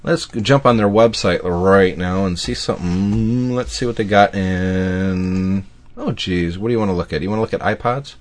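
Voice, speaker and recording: A man hosting a podcast in casual chat, relaxed and rambling. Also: deep voice, normal speed. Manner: relaxed, rambling, with fillers and restarts. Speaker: podcast host.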